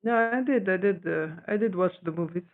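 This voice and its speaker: A man's voice: high-pitched, a little fast. A man chatting and joking in a casual group voice chat, laughing often and restarting his sentences. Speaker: voice chat participant. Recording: phone-like voice chat audio.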